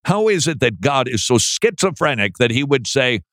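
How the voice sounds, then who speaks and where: A man's voice: mid-range voice, big pitch swings, normal speed, fairly bright tone, no echo. Brief: male talk radio host, incredulous and sarcastic, mid-range voice, dry booth. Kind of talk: radio commentary.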